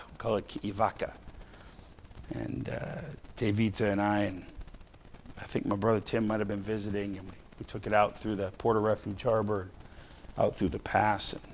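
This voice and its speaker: A middle-aged male preacher with a gravelly, fry-laced voice sitting a little low. He tells his story in a storyteller's way, sometimes dropping soft, sometimes rising loud, and slows right down to land a point. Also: a little hiss or hum. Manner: storytelling, varies loudness, slows for emphasis. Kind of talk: sermon with personal story.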